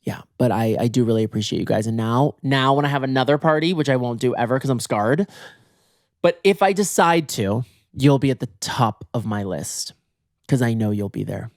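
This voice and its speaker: A man with a middle-pitched voice rambles through a comic story on his own podcast. He talks casually and curses a lot, and he leaps into high, theatrical tones for the people he quotes. The recording is close and dry. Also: normal speed, dry recording. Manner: animated and exaggerated, swinging pitch for quoted voices; casual, swears freely. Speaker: podcast host. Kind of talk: solo comedic storytelling.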